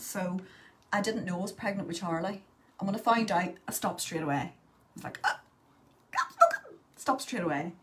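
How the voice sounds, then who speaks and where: A woman talks her way through a makeup tutorial in a relaxed, chatty voice at a middle pitch. She keeps up easy conversation with her viewers while she works. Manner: chatty, reads out and answers live viewer comments. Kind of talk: casual live makeup tutorial chat.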